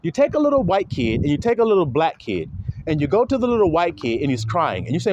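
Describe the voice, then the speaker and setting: A man's voice: sits high, big pitch swings, fast talker, a little mellow, husky, no echo, dull audio. A man preaching in a casual, blunt monologue, emphatic and profane, often mimicking other people's voices.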